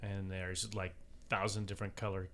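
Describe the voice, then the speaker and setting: Male guest, slightly low pitch, matter-of-fact, rambles a bit. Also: little pitch movement, moderate pace, crowd noise. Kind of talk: casual chat.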